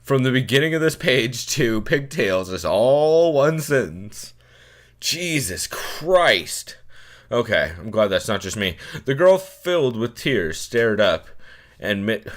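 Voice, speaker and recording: A young man hosting a let's play, reading a text game aloud and joking with lots of swearing. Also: medium pitch. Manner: profane, joking, riffing.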